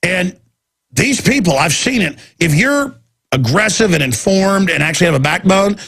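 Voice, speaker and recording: A man with a Texas accent hosting a talk radio show, ranting and mocking people in a gravelly, husky voice. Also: high-pitched, lively intonation, moderate pace, fairly bright tone.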